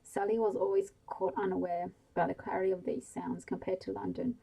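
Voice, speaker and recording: Gravelly, dark-voiced woman reading a bedtime story. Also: medium pitch, fairly even intonation, rough recording. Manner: slow, hushed bedtime reading. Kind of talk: whispered role-play.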